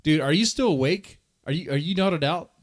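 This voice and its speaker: A man's voice: on the high side, lively intonation, a little fast. Teasing, rambling male stream host. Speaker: livestream host. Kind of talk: casual livestream chat.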